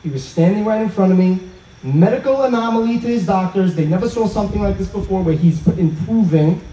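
A man giving an inspirational talk at an outdoor evening gathering, telling stories in an animated way and acting out the dialogue. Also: high voice, a little fast, a little hiss or hum. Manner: animated storyteller who acts out quoted dialogue. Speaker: speaker at a religious event. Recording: roomy, dull sound from a distance.

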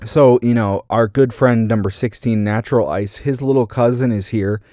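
A man's voice: mid-range voice, normal speed, mellow, no room sound, studio quality. A man co-hosting a podcast in a casual, joking chat, counting down a list. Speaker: podcast co-host.

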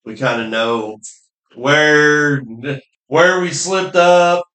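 A man's voice: on the high side, animated, drawn-out words, pushed and bright. Joking man with a roomy echo. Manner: joking, laid-back, crude banter. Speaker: podcast co-host. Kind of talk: casual chat.

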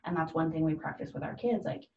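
A woman's voice: low-pitched, fast talker. A woman in her thirties talking earnestly and from the heart in a casual conversation, acting out the voices of the people she quotes. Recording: dull, distant, echoey room.

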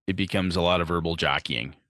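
A man talking casually about running tabletop games, animated and profane, acting out characters as he goes. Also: deep voice, fast talker, dry recording, clean studio sound. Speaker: game master.

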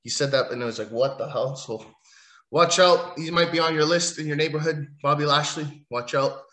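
This wrestling show recap comes from a man whose voice is a little high, brisk, and sharp, with a steady tone. He rambles sarcastically and swears often, the casual profane rant echoing around the room.

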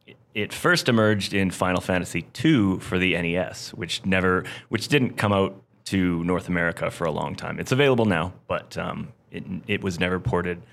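A man's voice: low-pitched, gravelly, fairly bright tone. A man, a guest on a casual podcast, sharing game trivia in a rambling way, often breaking off to correct himself. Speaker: special guest.

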